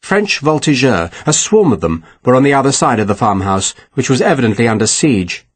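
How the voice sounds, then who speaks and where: A man narrating an audiobook with expressive, dramatic reading. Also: mid-range voice, brisk, breathy edge.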